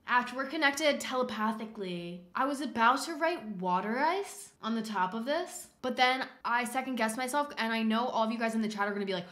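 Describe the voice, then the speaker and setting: A woman streaming a drawing game, chatting casually and excitably, rambling with lots of "like" and loud exclamations. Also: on the high side, measured pace. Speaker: livestreamer. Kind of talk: casual livestream chat while drawing. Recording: roomy echo.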